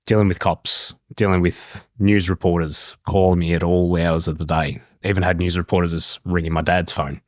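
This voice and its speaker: A man's voice: sits low, little pitch movement, normal speed, hardly any pauses, no room sound, studio quality. An Australian man, a podcast guest, telling his story in an open, matter-of-fact way. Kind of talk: candid podcast conversation.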